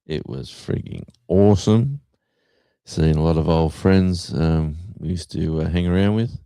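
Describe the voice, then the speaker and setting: A man's voice: sits low, measured pace, vocal fry, mellow, smooth, no room sound. A middle-aged man hosting a livestream, chatting casually and rambling with lots of fillers. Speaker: livestream host.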